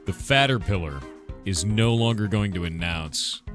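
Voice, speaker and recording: With music in the background, a man who develops games talks a little slowly in a low voice to his stream's chat. He poses questions, thinks out loud and bursts into emphatic remarks in an animated, casual way.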